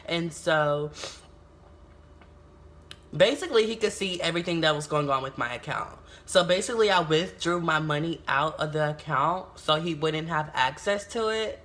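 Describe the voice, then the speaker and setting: A young adult woman from the United States tells a storytime vlog in a casual, animated way, swearing often and exclaiming a lot. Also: low voice, moderate pace. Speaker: YouTuber.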